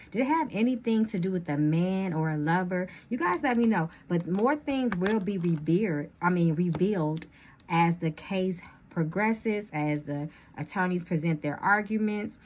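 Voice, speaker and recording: A woman talks through a tarot spread in a loose, chatty way, calling her viewers y'all as she thinks aloud. Her voice sits on the low side and has a slight lisp from retainers. A faint hiss of background noise runs under the recording. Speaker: tarot reader. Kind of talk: casual tarot reading monologue.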